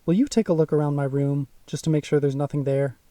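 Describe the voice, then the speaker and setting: A man's voice: fairly high pitch, steady tone, fast, warm tone, dry recording, distant mic, natural voice. A man voicing a frightened young boy who speaks hesitantly in a small voice. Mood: timid.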